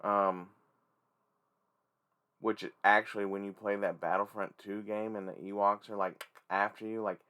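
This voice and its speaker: A man hosting a casual toy-collecting vlog, rambling and swearing freely with excitable energy. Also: on the low side, measured pace, smooth. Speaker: toy collector and channel host.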